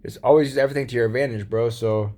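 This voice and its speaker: A man's voice: mid-range voice, fairly even intonation, rapid-fire, dark tone. A man giving a casual late-night monologue, rambling and profane with laid-back slang, often laughing as he talks. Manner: laughs often while talking. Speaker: solo vlogger.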